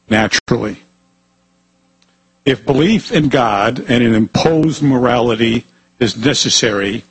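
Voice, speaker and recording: A man with a very raspy, rough voice asks a pointed question from the audience. He halts and trips over his words as he goes. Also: mid-range voice, rough recording. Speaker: audience member asking a question.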